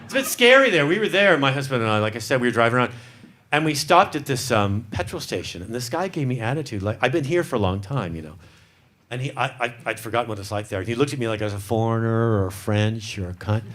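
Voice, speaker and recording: A man's voice: mid-range voice, lively intonation, fast, fairly bright tone, slight background noise. A man from San Francisco doing stand-up comedy in a club, teasing the crowd in a camp manner with lots of restarts. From San Francisco, USA. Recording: live club with audience. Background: audience laughing.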